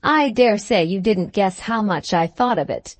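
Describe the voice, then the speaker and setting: A woman reading the lines of an earnest, self-mocking gentleman in an audiobook, in her own voice. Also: medium pitch, expressive, moderate pace, no room sound, lightly acted. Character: gruff but kind gentleman, self-mocking.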